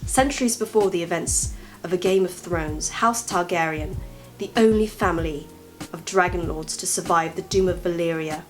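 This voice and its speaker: A woman's voice: on the low side, normal speed. A woman in her twenties from California, talking playfully in a put-on British accent and enunciating carefully while she has a cold. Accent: put-on British English over American. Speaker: vlogger. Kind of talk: casual vlog chat, reading aloud. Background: background music.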